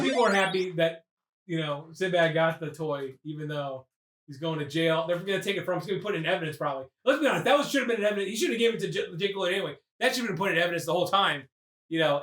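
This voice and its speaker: High-voiced, sarcastic podcast host. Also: male voice, echoey room. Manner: animated, sarcastic storytelling. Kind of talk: casual chat.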